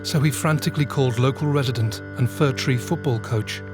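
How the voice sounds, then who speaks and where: Serious male documentary narrator. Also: mid-range voice. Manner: measured, serious. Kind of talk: scripted narration. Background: music.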